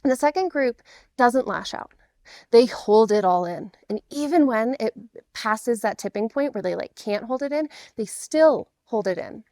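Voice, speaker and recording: A woman's voice: a little high, animated, normal speed, a little mellow, no echo. Earnest woman coach, dry close sound. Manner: earnest, explanatory, reassuring. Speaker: divorce coach for men. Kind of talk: direct-to-camera coaching talk.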